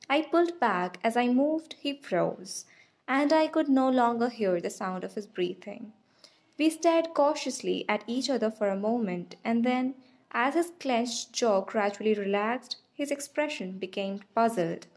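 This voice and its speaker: A woman narrates an audiobook in the first person with a hushed, intimate delivery. She reads slowly, lingering over each phrase. Her voice sits somewhat high. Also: animated.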